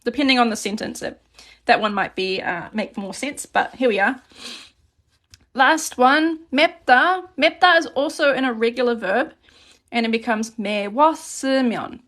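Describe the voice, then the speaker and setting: A woman teaching a relaxed, chatty live grammar lesson and reading out questions from chat as she writes on paper at her desk. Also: fairly high pitch, brisk. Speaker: Korean language teacher.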